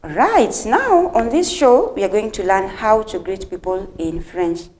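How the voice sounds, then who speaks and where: A woman hosting a televised language lesson, speaking directly to the viewers and repeating phrases slowly for learners. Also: medium pitch, animated, darkish tone. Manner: friendly, addresses viewers directly. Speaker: host and French teacher.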